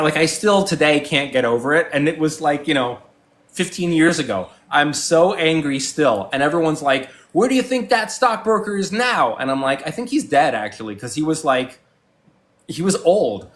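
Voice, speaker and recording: Expressive, highish and fairly bright, this guest's voice moves at normal speed. The man, in his forties, rambles through casual stories full of fillers and restarts, performing both parts of past exchanges.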